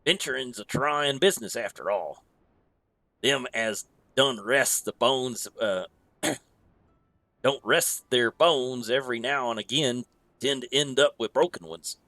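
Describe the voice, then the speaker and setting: Man playing a slow-talking, wry pirate innkeeper with a bright, clear voice, game dialogue read aloud in sea-dog dialect. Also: mid-range voice, dry recording. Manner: old sea-dog dialect, drawn-out reading. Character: gruff male pirate innkeeper, wry and scheming.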